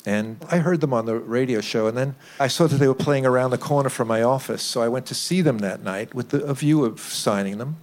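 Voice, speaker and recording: A man's voice: mid-range voice, fairly quick, few pauses. Older man, record producer, interview stories, chuckles, acts out quotes, medium voice. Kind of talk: interview storytelling.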